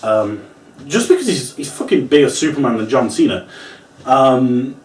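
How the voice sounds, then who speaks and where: A man's voice: medium pitch, moderate pace. A man giving a casual, ranting wrestling review, swearing often and acting out the moves. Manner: animated, swears often, acts out moves and quotes. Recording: roomy, distant from the mic.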